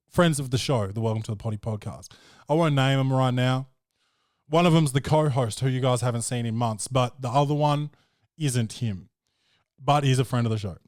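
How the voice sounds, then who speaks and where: A podcast host with a smooth, medium-pitched voice rambles through crude, profane stories in relaxed conversation, saying "bro" a lot. The studio-quality audio has no echo.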